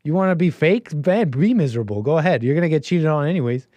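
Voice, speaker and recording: A man's voice: a little high, expressive, quick pace, darkish tone, no echo. A man hosting a call-in show, talking casually and rambling, with lots of restarts and easy laughs.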